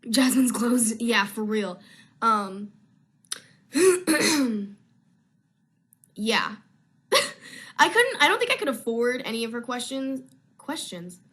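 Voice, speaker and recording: A woman's voice: on the high side, big pitch swings, slow pace, pauses often, a bit bright, breathy edge. A young woman actress chatting casually on a live video stream from home, answering fan questions in a rambling, easily sidetracked way.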